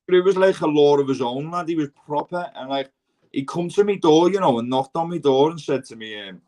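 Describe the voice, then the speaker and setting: A man's voice: on the high side, lively intonation, a little fast, mellow. A man with a Scouse accent, hosting a casual chat and telling rambling, slangy prison stories full of quoted dialogue. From Liverpool. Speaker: podcast host.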